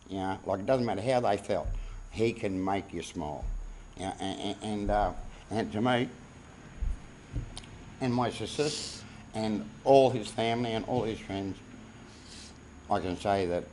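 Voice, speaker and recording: A man giving a halting, heartfelt eulogy for his brother at a funeral, close to tears. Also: lowish voice, darkish tone, a little hiss or hum, rough recording. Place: funeral service.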